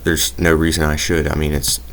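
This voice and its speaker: Very deep-voiced young man rambling. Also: level tone, fairly quick, a bit bright, a little hiss or hum. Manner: rambling, hesitant, self-deprecating. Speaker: gaming YouTuber. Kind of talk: casual gameplay commentary.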